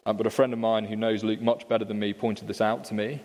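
A man's voice: fairly low pitch, little pitch movement, fast, darkish tone. Preacher man in a reverberant church. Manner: conversational, asks rhetorical questions. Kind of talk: expository sermon.

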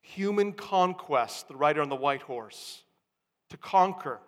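A male pastor delivers a sermon, explaining step by step and pressing hard on key words. His voice sits a little high for a man. It rings out with the long reverb of a church hall. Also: lively intonation, measured pace. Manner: teaching, building emphasis on key words.

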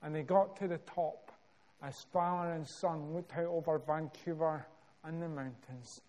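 A Scottish man preaching a sermon, telling a story with measured, dramatic pauses and building emphasis. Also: on the high side, fairly even intonation, darkish tone, a little hiss or hum.

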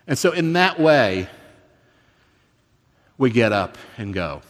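A man's voice: a little high, very animated, measured pace, long pauses. A man in his fifties, speaking as a guest preacher, gives a sermon in a conversational, storytelling way with self-deprecating humor. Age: 50s. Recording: reverberant hall.

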